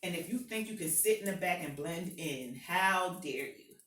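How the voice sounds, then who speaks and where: A woman giving an impassioned personal testimony to a live audience, swinging from hushed to shouting. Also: on the low side, expressive, brisk. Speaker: motivational speaker. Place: event hall with an audience. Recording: echoey hall, voice picked up from far off.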